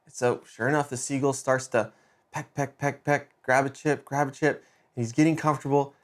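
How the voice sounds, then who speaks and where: Middle-aged male host, mid-pitched, relaxed storyteller who stresses key beats. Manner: conversational, with quick restarts and lively emphasis. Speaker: podcast host. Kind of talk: casual storytelling monologue.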